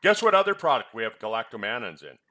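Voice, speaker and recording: Talking fast and very animatedly, this man's medium-pitched voice sounds pushed and bright. He once ran a clinic, now presents health products, and rambles through supplement chat while teasing his co-host with quiz questions.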